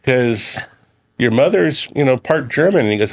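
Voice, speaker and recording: A man's voice: mid-range voice, measured pace, long pauses. A middle-aged man, a chef guest on a radio show, telling a long family story at an easy pace. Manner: relaxed storyteller, quotes his sons and himself. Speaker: guest, chef and community leader. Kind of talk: casual chat.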